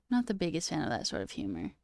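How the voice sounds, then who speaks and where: A chatty young woman streamer in relaxed conversation, laughing easily and often saying "okay" and "all right". Her voice sits a little low, and the sound is dry and close. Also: no echo. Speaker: livestream host. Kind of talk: casual stream chat.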